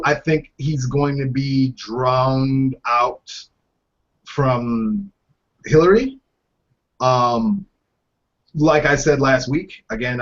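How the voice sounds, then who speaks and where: A man hosting a casual podcast, chatting about news with jokes and quick asides. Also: mid-range voice, a bit bright. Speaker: podcast host. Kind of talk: casual political chat. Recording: dull lo-fi podcast audio.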